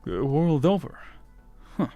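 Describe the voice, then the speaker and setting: A wry, skeptical foreign visitor drawls slowly, as a man gives him a voice that sounds unlike his own. The recording is dry and close, with faint music underneath. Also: on the high side, big pitch swings, mellow, no room sound, lo-fi sound.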